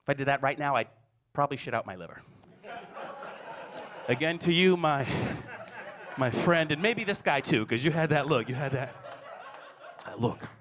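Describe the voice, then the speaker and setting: A man's voice: mid-range voice, lively intonation, moderate pace, pauses often, a bit bright. A man in his forties doing a stand-up comedy set, telling stories and acting out his kids. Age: 40s. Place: comedy stage before a live audience.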